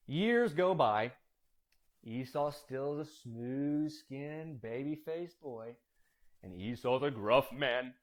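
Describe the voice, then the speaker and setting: Animated man telling a Bible story. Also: a little high. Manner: animated, digressive, many fillers. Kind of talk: casual Bible story retelling.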